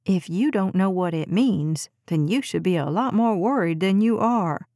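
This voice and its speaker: An exasperated young mother, firm and scolding with a playful, teasing streak in a storybook reading, as a woman plays her. She talks at an ordinary middle pitch. The recording is dry and close. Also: animated, normal speed, warm tone, no echo, close to an everyday voice. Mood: teasing coaxing.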